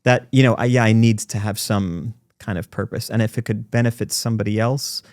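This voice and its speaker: A man in his forties, a podcast guest telling stories in fast, animated conversation. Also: lowish voice, no room sound, studio quality. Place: recording studio.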